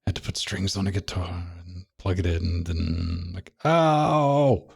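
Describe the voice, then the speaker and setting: A man's voice: sits low, level tone, normal speed, gravelly, a little mellow, slightly rough. A man co-hosting a tech podcast in casual chat, joking and self-deprecating as he talks. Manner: joking, self-deprecating, puts on mock voices. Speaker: podcast co-host. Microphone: studio mic.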